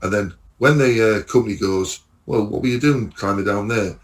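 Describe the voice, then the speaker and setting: A man with a somewhat low voice tells stories about his work as a lorry driver in a relaxed, chatty way. He acts out the other people's lines as he goes and swears freely. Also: moderate pace, poor audio. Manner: animated storytelling, acts out dialogue, swears freely. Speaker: lorry driver and podcast guest. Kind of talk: casual chat.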